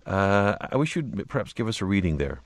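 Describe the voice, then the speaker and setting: A man's voice: on the low side, big pitch swings, fairly quick. A man hosting a radio talk show, asking questions in a conversational way with frequent hesitations. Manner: conversational, hesitant phrasing with fillers. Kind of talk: radio interview.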